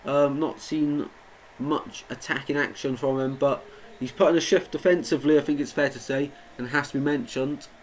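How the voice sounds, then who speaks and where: A man's voice: mid-range voice, fairly even intonation, normal speed, rough recording. A young man doing live football watchalong commentary, chatting with viewers and getting indignant at the play. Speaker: watchalong streamer. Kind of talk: live match commentary and chat.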